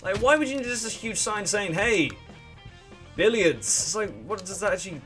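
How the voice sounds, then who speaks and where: A man giving profane, excitable and sarcastic commentary while playing a video game. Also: high voice, moderate pace, soft background music. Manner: profane, excitable and sarcastic, with mocking put-on voices. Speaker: let's play gamer. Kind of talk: casual gameplay commentary.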